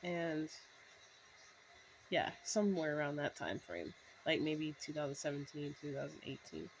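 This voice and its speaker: A woman's voice: low-pitched, animated, moderate pace, slight background noise, rough recording. A woman in her thirties telling a rambling story to camera, full of fillers and restarts. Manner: breaks into laughs. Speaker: vlogger. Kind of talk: casual storytelling monologue.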